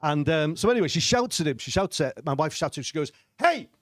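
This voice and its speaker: Dry, self-deprecating comic. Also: male voice, a little high, expressive, quick pace, no echo. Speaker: stand-up comedian. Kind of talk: stand-up storytelling. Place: comedy club stage.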